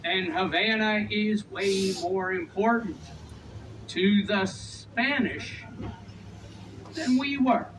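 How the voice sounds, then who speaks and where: A man working as a tour guide on an open-air tour train, giving joking commentary and teasing passengers between facts. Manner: playful, teasing passengers, quick asides. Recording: distant voice over vehicle noise. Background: vehicle rumble and street ambience.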